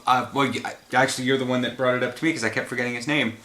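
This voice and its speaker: Tired man rambling, bright and echoey. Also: medium pitch, fairly even intonation, rapid-fire. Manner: rambling, trailing off mid-thought. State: tired after a run. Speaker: host. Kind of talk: casual film chat. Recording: roomy echo.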